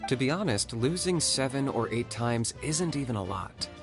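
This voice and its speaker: A man voicing a calm, level-headed young hero in a video game. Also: medium pitch, normal speed, lightly acted. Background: game music.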